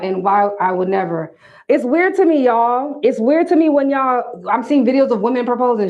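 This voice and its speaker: A woman's voice: high voice, dull audio. Emphatic, preachy woman on a livestream. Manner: emphatic, preachy, addresses viewers as y'all. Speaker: livestream host giving dating advice. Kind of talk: casual livestream talk to viewers.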